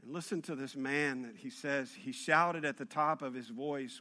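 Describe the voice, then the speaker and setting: A man preaching a sermon, telling the story in an animated, humorous way that builds in intensity. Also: fairly high pitch, moderate pace, hardly any pauses. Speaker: pastor.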